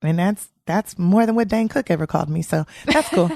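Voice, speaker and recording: Comedian lady telling stories in an interview, low gravelly voice, dry close mic. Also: fairly quick, no room sound. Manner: animated storyteller, acts out quoted voices. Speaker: comedian guest. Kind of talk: casual storytelling interview.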